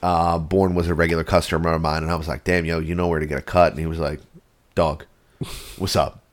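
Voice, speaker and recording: A man co-hosting a podcast in casual chat, an animated storyteller who swears a lot and acts out what people said. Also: low voice, brisk. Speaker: podcast co-host.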